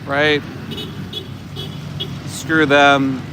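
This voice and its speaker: A man's voice: a little high, little pitch movement, drawn-out words, background noise. A man putting on a callous, foul-mouthed slaughterhouse worker in crude, sneering mockery. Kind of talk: mocking impression on a livestream.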